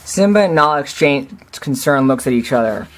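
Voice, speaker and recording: A man narrating a fan-written story, reading haltingly with frequent restarts. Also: mid-range voice, lively intonation. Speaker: reader.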